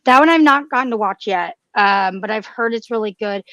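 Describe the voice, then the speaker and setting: A woman's voice: medium pitch, fairly quick, a bit bright, no room sound. A woman co-hosting a casual podcast chat, gushing and emotional, with frequent restarts and fillers. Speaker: podcast co-host.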